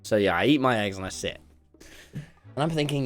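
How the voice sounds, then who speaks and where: A young Englishman tells a story to his stream chat, his voice swinging widely between low mutters and high yelps. He talks in an excitable way and swears freely, at a middling pitch. Faint music plays underneath. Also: moderate pace, long pauses. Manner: excitable, jumps from mumbling asides to loud yelps, swears freely. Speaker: livestreamer. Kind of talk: animated storytelling to a live chat.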